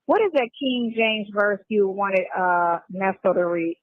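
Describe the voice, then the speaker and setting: A woman speaks over a tinny, dry phone line, halting and full of fillers. She keeps cutting in on the people around her. Her pitch sits in a middle range. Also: expressive, dry recording. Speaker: caller on a recorded phone call. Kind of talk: casual phone conversation.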